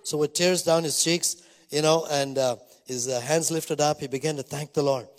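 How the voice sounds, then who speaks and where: An older male pastor delivering a sermon in a slightly raised voice. He reads scripture slowly and tells stories with frequent fillers. His voice carries a long hall reverb. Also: on the high side, fairly even intonation.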